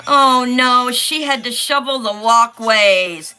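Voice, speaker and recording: A woman's voice: on the high side, slow, pushed and bright, clear, resonant tone, faint music behind. A middle-aged woman, hosting a casual livestream and reading viewer comments aloud as she chats. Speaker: livestream host. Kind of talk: casual livestream chat while coloring.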